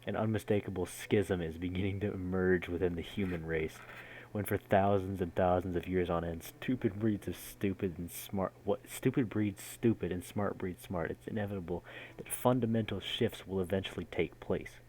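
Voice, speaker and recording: A man's voice: low-pitched, fairly even intonation, moderate pace, a little mellow, slight background noise. A man streaming a visual novel, reading the narration aloud and breaking off with casual reactions. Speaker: gaming streamer.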